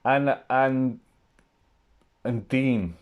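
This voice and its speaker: A man's voice: mid-range voice, extremely slow, narrow, tinny audio. A man telling his life story in a candid, rambling way, swearing freely. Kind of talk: casual storytelling.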